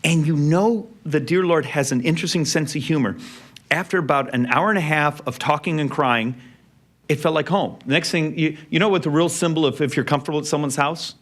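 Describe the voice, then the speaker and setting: Speaking fairly quickly in a slightly high voice, a middle-aged man tells a personal family anecdote during a speech at an event venue. In the emotional moments, he drops to a quiet, soft tone.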